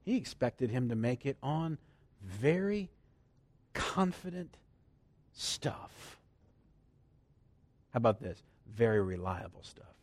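Lively preacher, loud then hushed. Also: male voice, medium pitch, takes it slowly, pauses often, dry recording. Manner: swings from loud emphasis to hushed near-whispers; laughs often between points. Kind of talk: sermon.

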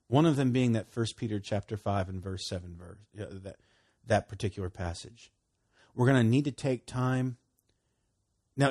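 A man giving a casual, animated sermon, often laughing and acting out conversations. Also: medium pitch, breathy edge. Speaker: preacher.

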